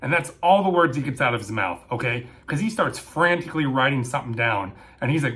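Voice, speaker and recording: A man telling a comic story about his days as a military police dispatcher, acting out the lines with sudden shouts and asides. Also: mid-range voice, brisk. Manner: animated, acts out quotes with shouting and asides. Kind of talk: comedic storytelling.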